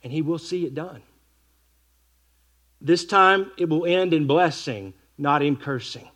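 A man's voice: fairly high pitch, fairly bright tone. Man preaching, scripture read with weight. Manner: reads scripture slowly and with weight, wry asides. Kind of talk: expository sermon.

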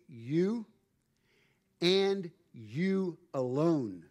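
A man preaching a sermon, emphatic and measured, with dramatic pauses. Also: mid-range voice, darkish tone. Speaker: pastor.

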